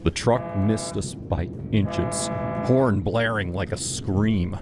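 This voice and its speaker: A man narrating a first-person horror story in a measured, dramatic way. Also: on the low side. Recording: music playing behind.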